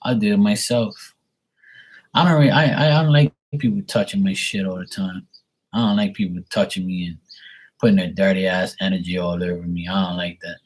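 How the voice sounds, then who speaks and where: A man's voice: low voice, fairly even intonation, a little fast. A man in his forties chatting casually on a live stream, telling stories in a profane, ranting way and greeting viewers. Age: 40s. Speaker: live tarot reader.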